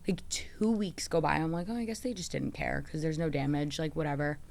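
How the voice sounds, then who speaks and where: A young woman hosts a podcast, telling stories in casual chat with animated delivery, acting out quotes and swearing often. Her voice is low-pitched, brisk, and creaky.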